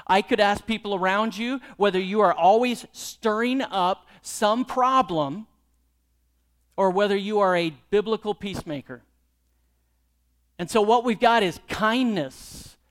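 A man's voice: high-pitched, normal speed. A middle-aged man preaching a sermon, telling a personal story and then pressing the congregation with pointed rhetorical questions. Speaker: pastor.

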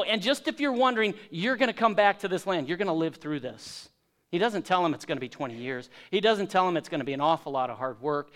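A man delivers a sermon as a pastor, his voice sitting on the higher side. He leans hard into key words, then drops into soft, low asides. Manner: emphatic, swinging between loud stresses and soft low asides.

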